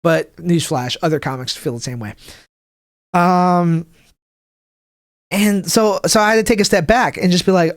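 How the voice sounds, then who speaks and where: A young male comic rambles through a casual podcast rant, his voice sitting fairly high. He restarts sentences constantly, swears freely, and jumps his pitch up whenever he acts out what other people said. The close mic sounds dry, with almost no room in it. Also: unhurried, long pauses, no room sound. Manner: acts out people's quotes in a higher voice. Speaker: podcast host; stand-up comic. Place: home room, livestreaming.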